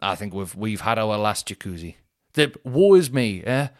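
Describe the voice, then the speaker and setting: Rambling comedian, sweary and digressive. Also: male voice, on the low side, lively intonation, moderate pace. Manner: digressive, swearing, self-mocking. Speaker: comedian podcast host. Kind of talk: rambling comic monologue.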